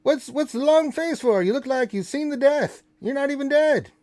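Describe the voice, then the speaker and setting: A man's voice: very high voice, normal speed, a little mellow. A man voicing a crude, wisecracking male raven who bosses the party around and begs for crackers. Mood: cheeky. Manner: brash, cheeky, bossy. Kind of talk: tabletop role-play voicing.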